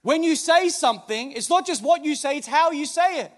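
A man's voice: very high voice, lively intonation, fairly quick, fairly bright tone. A man preaching a sermon as pastor on a church stage, emphatic, with many rhetorical questions.

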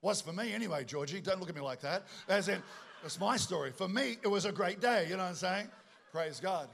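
Middle-aged man, high-pitched, lively joking preacher working the room. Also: brisk, vocal fry, slight background noise. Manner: animated, joking storyteller with asides to the congregation. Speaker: pastor. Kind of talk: sermon.

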